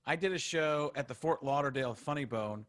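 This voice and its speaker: A man's voice: mid-range voice, brisk, a bit bright. A man, a comedian, chatting and joking casually on a podcast, laughing often. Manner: laughs often, jumps in with jokey asides.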